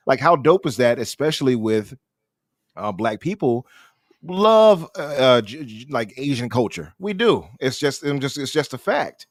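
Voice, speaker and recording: A man hosting a casual podcast chat, talking in an opinionated, animated way and often restarting his sentences. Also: medium pitch, moderate pace, dry recording, clean studio sound. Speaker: podcast host.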